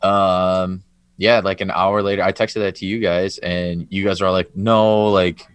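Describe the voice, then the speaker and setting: A man's voice: deep voice, little pitch movement, normal speed, a bit bright, clean tone, dry recording. A man co-hosting a casual sports podcast, tossing in dry wisecracks and telling stories with animation. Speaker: podcast co-host.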